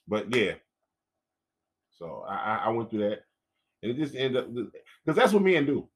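A man co-hosting a casual podcast with his wife, talking loudly and bluntly and swearing freely. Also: medium pitch, moderate pace, recorded from a distance. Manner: loud, profane, animated talker. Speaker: co-host. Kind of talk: casual couple's podcast chat.

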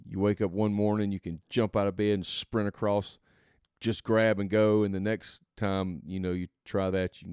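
A man hosting a reflective faith podcast, thinking aloud in a rambling, halting way and often trailing off softly. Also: low-pitched, clear, resonant tone, no echo, clean studio sound. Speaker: podcast host and father.

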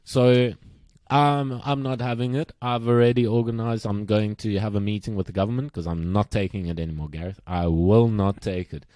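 A man's voice: on the low side, steady tone, normal speed, few pauses, mellow, no room sound. A young man co-hosting a casual podcast, telling a story with lots of swearing and mimicking the people in it. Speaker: podcast co-host.

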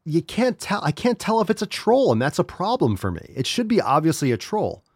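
A man's voice: fairly high pitch, wildly swooping pitch, fairly quick, slightly rough, no echo, studio quality. A man hosting a podcast in casual, exasperated commentary. He swears freely and talks straight to his audience. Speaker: podcast host.

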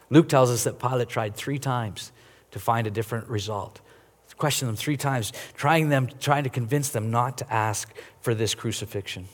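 A man's voice: medium pitch, normal speed. Earnest male pastor in a reverberant hall. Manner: earnest, repeats words, rises and drops in volume. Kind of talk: sermon.

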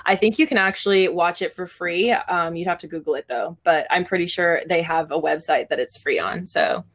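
A woman's voice: on the low side, brisk. A young woman in her twenties co-hosting a casual podcast chat, talking in a chatty way full of "like". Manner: chatty, fills talk with "like". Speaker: podcast co-host.

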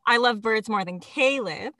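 A woman's voice: a little high, normal speed, heavy background noise. A woman co-hosting a casual podcast, talking about birds with lots of laughter and enthusiasm. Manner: giggly, enthusiastic. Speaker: podcast co-host.

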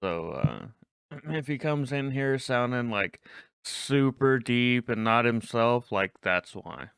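A man hosts a casual podcast, drawling slowly and teasing his friend with easy laughter. His voice is smooth and clear, recorded dry and close. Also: medium pitch, animated, a bit bright, no echo. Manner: laid-back, teasing, laughs easily. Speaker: podcast host. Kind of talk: casual chat.

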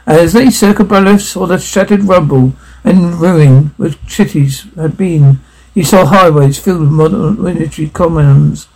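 A man reading a science fiction story aloud, halting, with frequent restarts. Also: a little high, vocal fry, darkish tone, breathy edge, rough recording. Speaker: narrator.

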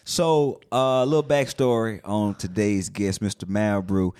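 A man's voice: lowish voice, fairly even intonation, a little slow, a little mellow. A man hosting a podcast in a casual, joking way, teasing his guest in loose slang. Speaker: podcast host. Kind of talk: casual chat.

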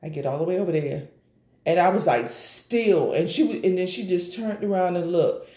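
A woman sharing a personal church testimony in an animated storytelling way, acting out the voices of the people in it. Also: fairly low pitch, normal speed. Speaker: guest. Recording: echoey room.

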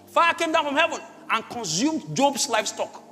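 A man preaching a sermon as pastor, swinging between loud shouts and quiet asides. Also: very high-pitched, big pitch swings, normal speed. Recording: echoey hall with faint music.

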